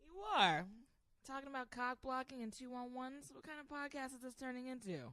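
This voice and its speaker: A woman's voice: high-pitched, brisk, fairly bright tone, no echo. A woman joining a casual podcast at home, answering back with teasing, skeptical banter. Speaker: podcast guest, host's partner.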